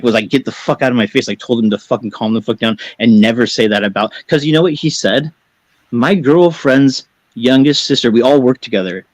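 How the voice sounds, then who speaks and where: A man's voice: mid-range voice, no echo, low-quality recording. A man talking as a caller on a live stream, agitated and defensive, swearing a lot and rambling as he justifies himself. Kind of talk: heated live-stream talk.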